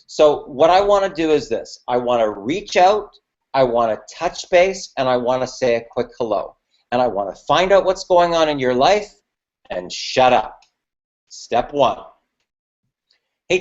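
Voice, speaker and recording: A man's voice: on the high side, lo-fi sound. A man teaching business networking, emphatic, checking in with the audience after nearly every point. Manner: emphatic, repeats "okay" and "right" to the audience. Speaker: business mentor. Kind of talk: coaching webinar talk.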